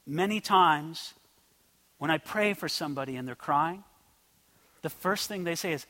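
Impassioned high-voiced preacher in a hall. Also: male voice, a little slow, long pauses. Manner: impassioned, swings between loud declarations and soft intimate asides. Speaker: pastor. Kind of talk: sermon.

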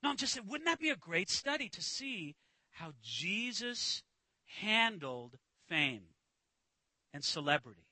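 A man preaching a sermon in an animated way, acting out voices and restarting phrases. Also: high voice, unhurried, no echo. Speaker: pastor.

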